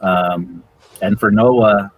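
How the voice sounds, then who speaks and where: A man in his forties with a low, husky voice talks casually and hesitantly, pausing often and chuckling. He speaks as a parent. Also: fairly even intonation, low-quality recording. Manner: hesitant, many ums, chuckles. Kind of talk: casual chat.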